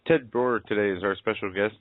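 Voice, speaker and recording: A male radio co-host announcing a break in a measured way. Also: lowish voice, steady tone, no room sound. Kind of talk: talk radio host segment. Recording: tinny phone-like sound with faint music.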